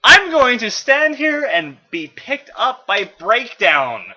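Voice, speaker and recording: A cocky young robot scout with a high, bright, loud voice, defiant and quick to mock, as a man puts him on for a fanfiction reading. The recording is a little dull. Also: very animated, exaggerated voice. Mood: exasperated.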